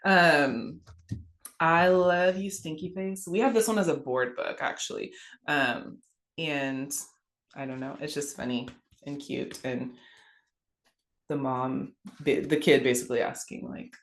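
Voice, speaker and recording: Woman, low voice, chatty storyteller, casual podcast, echoey room. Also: measured pace. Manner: chatty, warm storytelling, laughs often. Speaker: guest. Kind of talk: casual podcast chat about children's books.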